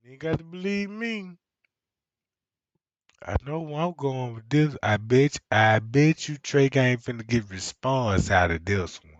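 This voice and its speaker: A man doing casual reaction commentary on a stream, mocking and roasting with profane, loud jokes. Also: mid-range voice, lively intonation, measured pace, no echo, highs cut off.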